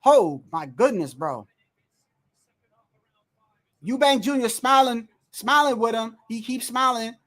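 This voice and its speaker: A livestream host giving casual, excitable fight commentary from home, full of slang, cursing and restarts. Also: mid-range voice, takes it slowly, long pauses. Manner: excitable, loud outbursts, frequent slang and cursing; rambling restarts and repeated words. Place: indoors at home, wind and street heard outside.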